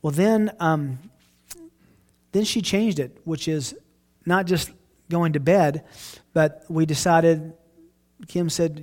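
A middle-aged man speaks as a pastor in an informal question-and-answer talk. His voice sits a little high for a man, and he talks earnestly, often circling back to restart a phrase. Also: unhurried, a little mellow. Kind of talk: casual Q&A talk.

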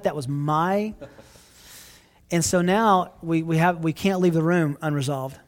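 A middle-aged man speaks as a pastor in an informal question-and-answer talk. His voice sits a little high for a man, and he talks earnestly, often circling back to restart a phrase. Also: unhurried. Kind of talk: casual Q&A talk.

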